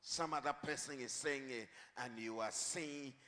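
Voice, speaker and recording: A male pastor with a mid-range voice preaches at a measured pace, leading his congregation in call-and-response as they repeat his lines, building toward shouted declarations. The recording carries the long reverb of a large hall.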